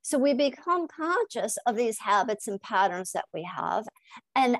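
A middle-aged woman from Connecticut, a hypnotist guest on a podcast interview, telling animated stories, laughing often and repeating phrases for emphasis. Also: a little high, unhurried, dry recording.

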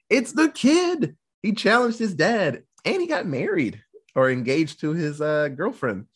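Male co-host, casual film recap, expressive and husky, slips into character voices. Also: a little high. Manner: animated storytelling, quick voice switches for characters, laughs often. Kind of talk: casual movie recap chat.

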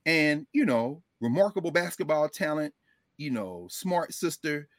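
A middle-aged man talks as a professor in a lively, emphatic flow, his pitch swinging widely as he builds his points. His voice sits a little high for a man. The sound is dry and close, with no room around it. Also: measured pace, dry recording. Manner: emphatic, digressive, laughs often, slips into acting out quotes. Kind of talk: animated conversational film and culture commentary.

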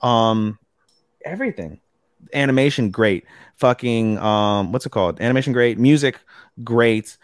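A man co-hosting a podcast in casual chat, excitable, swearing freely and filling with ums. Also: mid-range voice, measured pace, no echo, studio quality. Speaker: podcast co-host.

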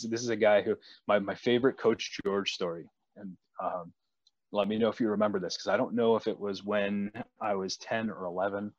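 A man's voice: lowish voice, no room sound, highs cut off. A man hosting a casual chat, telling stories with frequent restarts and repeated words. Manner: storytelling, many restarts.

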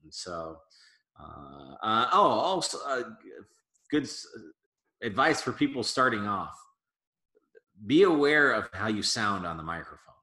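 A man, a comedian guest on a casual podcast interview, talking in an animated, emphatic way. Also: lowish voice, measured pace, pauses often, reverberant. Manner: animated, emphatic advice-giving.

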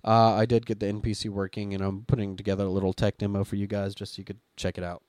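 A man's voice: lowish voice, quick pace, clean tone, no room sound, clean studio sound. A young adult man hosting a podcast, telling stories animatedly in casual chat. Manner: animated storytelling, swears casually. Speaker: podcast host.

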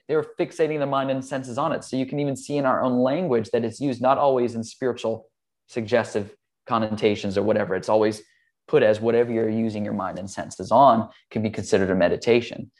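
A man's voice: medium pitch, brisk. A man who teaches meditation, speaking earnestly and casually as he explains ideas and tells a personal story, with the odd "um" and "like". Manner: earnest, relaxed, with "like" and "um". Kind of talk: conversational storytelling.

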